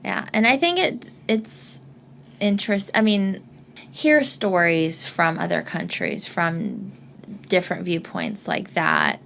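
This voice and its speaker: A woman hosting a book podcast, unhurried and quick with short affirmations. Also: lowish voice, big pitch swings, gravelly, a bit bright. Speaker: podcast host. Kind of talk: casual book discussion. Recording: faint background noise.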